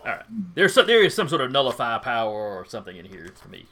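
A man runs a tabletop game as game master, his bright voice moving up and down as he reads rules and calls for rolls. He sounds plain and matter-of-fact. A faint hiss sits under the recording. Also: mid-range voice, very animated, fast talker.

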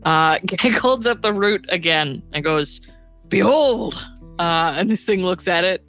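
A woman's voice: lowish voice, moderate pace, fairly bright tone, smooth, soft background music, poor audio. A woman running a tabletop game as game master, narrating playfully and laughing often.

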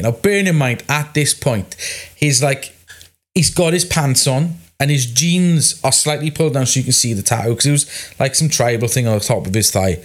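Profane, animated tattoo artist. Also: male voice, mid-range voice, fairly quick. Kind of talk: casual podcast chat.

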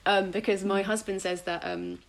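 A woman, talking reflectively as an interview guest, pausing often with ums and restarts. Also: mid-range voice, big pitch swings. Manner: halting and thoughtful, with frequent ums and restarts. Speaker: designer and podcast guest.

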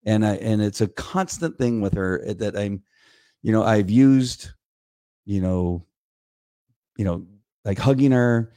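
A middle-aged man talks in a low, dry, close-miked voice, co-hosting a casual podcast chat. He rambles, restarts and repeats words, and turns animated whenever he quotes someone. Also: a little slow, pauses often, no room sound. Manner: animated when quoting others. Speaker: podcast co-host.

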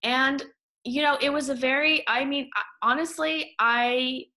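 Bright-voiced woman guest telling her story. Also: high voice. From Canada. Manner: animated storytelling, quick restarts. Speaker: podcast guest, author. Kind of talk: casual interview talk.

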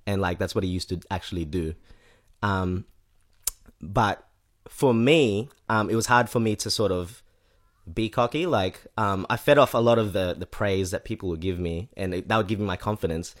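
A man's voice: low voice, normal speed. A man chatting casually as a podcast guest, rambling and correcting himself with lots of fillers. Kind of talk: casual chat.

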